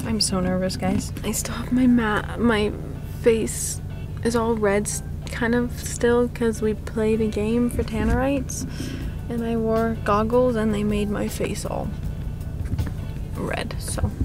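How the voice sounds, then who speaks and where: A teenage girl with a high voice vlogs to camera, talking fast and eagerly to her viewers. Light music plays faintly behind her. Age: teens. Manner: excitable, gushing, addresses viewers as guys. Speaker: vlogger. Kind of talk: casual vlog talk to camera.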